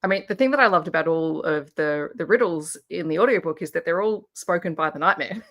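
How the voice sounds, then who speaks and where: A woman's voice: fairly low pitch, a little fast, a bit bright. A woman co-hosting a casual live book discussion, thoughtful, with restarts, quoting her own thoughts. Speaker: co-host.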